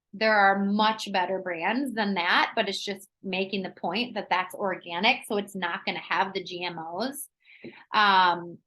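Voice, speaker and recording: A woman presenting a live online wellness workshop on a video call, talking in an energetic, chatty way with frequent "um"s. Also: medium pitch, rough recording.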